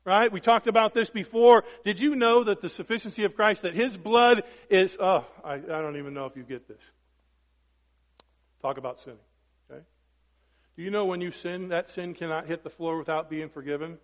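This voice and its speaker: A man preaching a sermon emphatically, peppering it with rhetorical questions and swinging from loud to hushed. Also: sits high, moderate pace. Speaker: pastor. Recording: dull lo-fi recording with long hall reverb.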